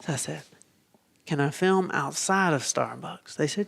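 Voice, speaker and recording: A man, a podcast guest telling a story with animated quotes and whispered asides. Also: on the high side, moderate pace, gravelly.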